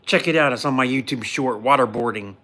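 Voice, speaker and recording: A man's voice: mid-range voice, a little fast. Blunt, mocking man recapping a show. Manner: blunt, mocking, animated storytelling. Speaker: podcast host recapping a show. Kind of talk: casual live recap.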